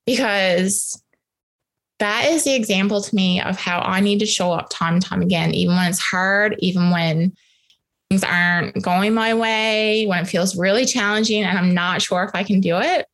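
A woman guest telling a personal story, emotional and halting, with many restarts. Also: mid-range voice, a bit bright.

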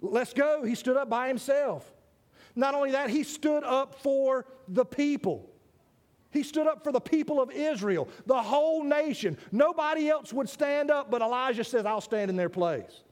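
A male preacher with a strikingly high voice delivers a lively sermon. He talks straight to his congregation, calling people by name and tripping over repeated words as he pushes ahead. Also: normal speed. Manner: animated, speaks directly to listeners by name, stammers on restarts.

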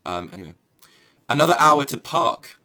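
A man's voice: medium pitch, animated, normal speed, pushed and bright. A man co-hosting a podcast in giggly casual chat, reading out reviews and mock-scolding his partner. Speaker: podcast co-host.

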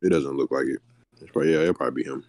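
Male co-host, deep and relaxed, filler-heavy casual chat, dry close mic. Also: vocal fry, no room sound. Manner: laid-back, drawn-out fillers. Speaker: podcast co-host.

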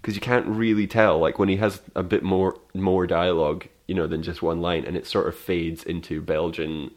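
A man in casual chat, ranting in an animated way and swearing freely. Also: sits low, moderate pace.

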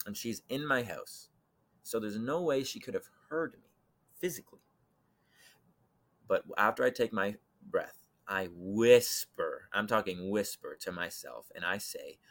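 A young man with a low voice tells a personal eerie story as a podcast guest. Animated, he acts out voices and swings from loud to hushed in dramatic conversational storytelling.

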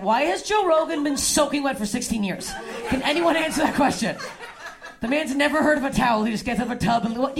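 A woman from Canada performing a stand-up set on a club stage, deadpan and swinging between low mutters and loud outbursts. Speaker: stand-up comic.

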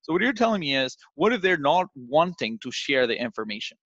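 Young male sales trainer, lively coaching delivery that slips into acted calls, dry and slightly dull recording. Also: a little high, brisk, dry recording. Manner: animated, acts out phone calls in different voices. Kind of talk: coaching session on cold calling.

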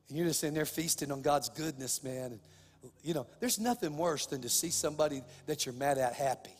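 A man preaching a sermon as pastor, impassioned, swinging between hushed, heavy passages and loud, driving ones. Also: fairly high pitch, brisk, long reverb tail, faint music behind.

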